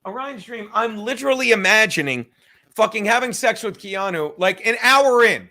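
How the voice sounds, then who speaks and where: Host, male, high bright voice, profane rambling livestream chatter, self-mocking. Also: lively intonation, moderate pace. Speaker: podcast host reading live chat. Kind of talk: casual crude livestream chat.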